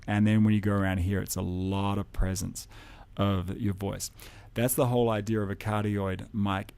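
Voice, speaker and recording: An audio engineer gives a relaxed, explanatory tutorial on microphone technique, speaking into a studio condenser mic at close range in his home studio and moving around it for live demonstrations. His voice is on the low side with some vocal fry.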